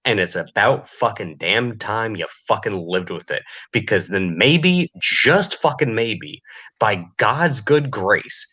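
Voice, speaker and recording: A man's voice: lowish voice, a bit bright. A man delivering an angry, profane podcast rant, sneering and furious. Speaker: podcast host.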